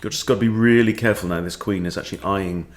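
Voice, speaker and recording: A man's voice: deep voice, steady tone, quick pace. A man, a chess coach, commenting on his own game as he plays, thinking aloud and tossing in playful quips.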